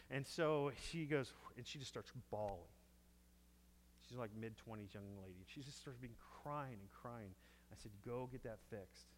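A man's voice: on the low side, slight background noise. A man preaching, telling a story and acting out each person's lines. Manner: animated storyteller acting out dialogue. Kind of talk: sermon storytelling. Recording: echoey hall with long reverb.

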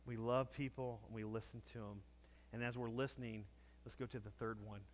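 A man's voice: mid-range voice, fairly even intonation, brisk. A man preaching a conversational sermon to a congregation, telling stories and acting out quotes. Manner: conversational storytelling, acts out quotes. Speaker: pastor.

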